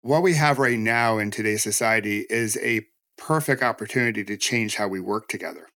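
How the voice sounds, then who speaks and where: A man's voice: fairly low pitch, fairly quick, pushed and bright, no room sound. Earnest man hosting a podcast interview, dry-voiced. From United States. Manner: reflective and earnest, speaking in long flowing thoughts. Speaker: podcast host. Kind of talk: conversational interview.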